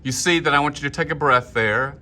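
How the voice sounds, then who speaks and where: A man leading a choir rehearsal talk-through, explaining markings and singing short phrases in falsetto to show them. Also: brisk, sharp tone, faint music behind. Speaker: choir director. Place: room, filming himself. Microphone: handheld camera.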